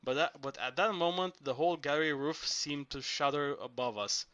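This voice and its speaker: A man reading novel narration aloud, steady with small restarts. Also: fairly high pitch, normal speed, no echo. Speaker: audiobook reader.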